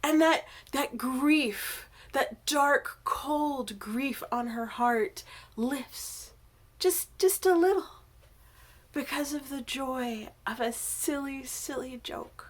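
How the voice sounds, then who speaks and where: A woman, a worship associate, telling a myth in a church service, animated and often dropping to a whisper. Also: high-pitched, slow pace.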